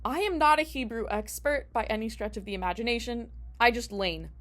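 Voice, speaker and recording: A woman's voice: fairly high pitch, a little fast, fairly bright tone. A young woman teaching a casual lesson as a rabbinical student, chatty, asking herself rhetorical questions and restarting her phrases.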